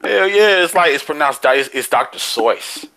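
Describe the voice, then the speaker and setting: Excitable, profane man on a podcast. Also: a little high, vocal fry, rough recording. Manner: excitable, profane, quick to laugh. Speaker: podcast co-host. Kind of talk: casual podcast chat.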